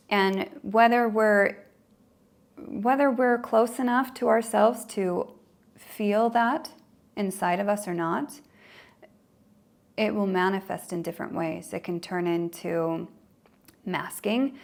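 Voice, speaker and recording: A woman's voice: mid-range voice, steady tone, a little slow, creaky. A woman trauma coach hosting a podcast, explaining ideas conversationally and acting out quoted inner voices.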